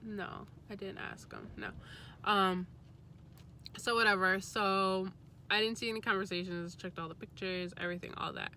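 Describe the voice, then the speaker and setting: A young adult woman vlogger telling a story in a casual, chatty way, candid and quick to swear. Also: mid-range voice, steady tone, pushed and bright, slight background noise.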